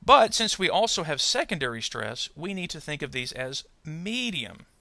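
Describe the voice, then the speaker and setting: Guy teaching english pronunciation, gravelly but bright voice, calm step by step explaining. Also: fairly high pitch, no room sound. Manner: measured, explanatory, careful. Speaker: adult ESL pronunciation teacher. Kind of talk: instructional narration.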